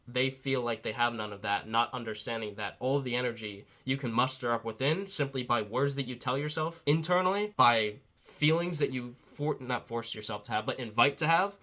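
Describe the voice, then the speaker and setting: A man talking as a dating coach in a casual motivational talk, blunt and profane, quoting others in quick asides. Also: mid-range voice, pushed and bright.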